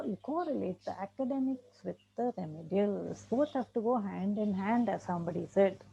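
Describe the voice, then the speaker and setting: Indian English woman trainer, gravelly mellow delivery, dull lecture recording. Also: mid-range voice. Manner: emphatic, repeats points, laughs often. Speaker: special education trainer. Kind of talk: lecture to teachers and parents.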